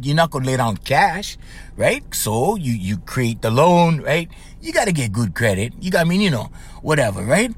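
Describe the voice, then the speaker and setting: A middle-aged man with a Hawaiian Pidgin-tinged accent, rambling casually as a life coach podcast host and tagging lines with "right?". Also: on the high side. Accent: Hawaiian Pidgin-tinged English. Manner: rambling, conversational, frequent "right?" tags; laughs often while telling stories. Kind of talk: casual monologue.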